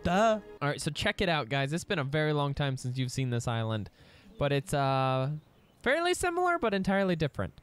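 Playful lively-voiced young man. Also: on the high side, a little fast, smooth, faint music behind. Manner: playful, teasing, sing-song bits. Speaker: let's play host. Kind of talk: casual gameplay commentary.

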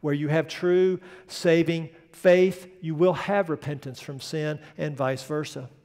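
A man preaching a sermon as pastor, emphatic, building to loud peaks and then dropping soft. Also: a little high, steady tone, unhurried, long reverb tail. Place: church sanctuary.

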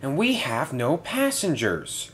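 A man's voice: mid-range voice, huge pitch swings, slow, a little hiss or hum, voice pushed up. A man voicing a sad old tram engine in a storybook tale, speaking gloomily.

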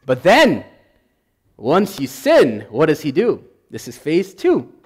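A man's voice: a little high, huge pitch swings, slow pace, husky. A male priest preaching a sermon with passion, repeating his points for emphasis until he gets worked up. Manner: impassioned, builds to emphatic repetition.

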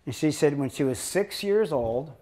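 A man's voice: a little high, lively intonation, moderate pace, warm tone. A man giving a lecture to an audience as a doctor, telling patient stories in a rambling, joking way. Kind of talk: anecdotal lecture to a live audience.

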